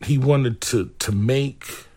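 A man reflecting in an interview, slow and searching for words with many pauses. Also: mid-range voice, dark tone, slightly rough.

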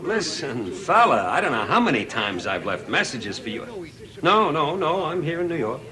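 A man's voice: a little high, sing-song, normal speed, crowd noise. A lonely, pleading rich father. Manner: pleading phone talk, covered with forced bluster. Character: rich lonely middle-aged father begging his estranged son. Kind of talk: sitcom acting. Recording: studio audience laughter.

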